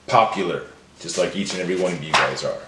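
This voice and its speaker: A man leading a phonemic awareness drill for children, stretching each word out slowly and clearly. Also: deep voice, sharp tone, echoey room, a little hiss or hum. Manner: slow, drawn-out, deliberate enunciation. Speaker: teacher.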